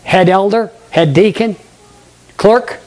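An older man, a pastor, preaching a lively sermon, acting out conversations and questioning his congregation. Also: sits high, slow. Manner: animated preaching, acts out dialogue, asks the congregation questions.

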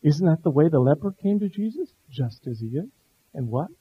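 A middle-aged man preaching a sermon, earnest, dropping to a hush and then rising to stress a point. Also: a little high, big pitch swings, a little fast, breathy edge. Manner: earnest, swings between hushed and emphatic. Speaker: pastor. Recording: dull lo-fi sound.

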